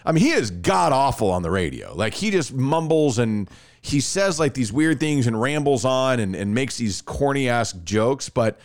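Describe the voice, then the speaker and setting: A man co-hosting a podcast, chatting casually and telling stories with quick asides. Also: medium pitch. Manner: animated storytelling, fast asides. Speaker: podcast co-host. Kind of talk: casual chat.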